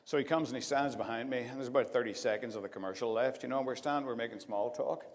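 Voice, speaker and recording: A man's voice: mid-range voice, fast talker. A man giving an after-dinner speech, telling a rambling anecdote and breaking into laughter as he goes. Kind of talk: storytelling speech to a live audience. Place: large event hall. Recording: long hall reverb.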